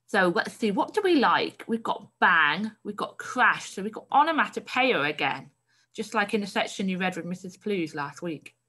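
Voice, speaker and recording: A woman's voice: mid-range voice, lively intonation, moderate pace, bright, forceful tone, breathy edge. A woman primary school teacher giving a recorded online lesson, reading a story aloud and encouragingly explaining its word choices.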